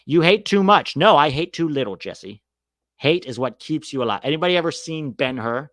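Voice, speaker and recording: A man hosts a casual soccer chat show, ranting bluntly and sarcastically and swearing freely. His voice sits at an ordinary pitch, recorded close and dry with no room sound. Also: animated, fairly quick, a bit bright, no room sound. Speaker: soccer podcast host reading live chat.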